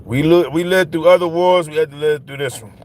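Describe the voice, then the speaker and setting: A man's voice: fairly high pitch, steady tone, fairly quick, a little mellow. A middle-aged man from Philadelphia rambling in a casual livestream monologue while walking home outdoors, talking into a phone and often asking if his listeners follow him. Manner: rambling, emphatic, keeps asking "you know what I'm saying". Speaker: livestream host. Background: faint traffic.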